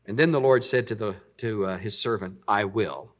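A middle-aged man preaching a sermon as pastor, rising loud on points of emphasis. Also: lowish voice, moderate pace.

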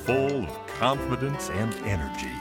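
A woman's voice: extremely low pitch, big pitch swings, moderate pace, over loud music. A woman narrating a children's story in a storybook manner.

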